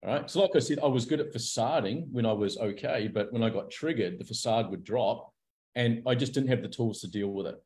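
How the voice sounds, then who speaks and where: A man's voice: medium pitch, a little fast, a little hiss or hum. A man, a guest in a candid interview, speaking openly and acting out the people in his stories. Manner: animated storyteller, acts out quoted characters.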